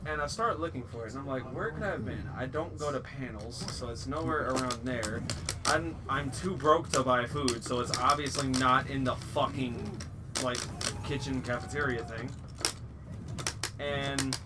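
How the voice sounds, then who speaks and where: A man's voice: mid-range voice, moderate pace. A man telling a funny story in a casual, profane way, acting out the people he quotes. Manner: animated, profane, acts out quotes. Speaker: guest storyteller. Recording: distant mic with clear background noise.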